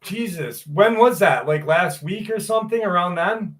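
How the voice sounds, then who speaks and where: Chatty male live-stream host, higher voice. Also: normal speed, fairly bright tone. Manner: chatty, swears freely, greets viewers by name. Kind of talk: casual live-stream chat and story reading.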